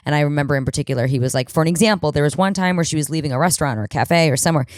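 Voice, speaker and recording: A woman in her thirties hosting a podcast, telling a self-deprecating comedic story in a casual, animated way, swearing freely. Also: low voice, rapid-fire, dry recording, studio quality. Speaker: podcast host.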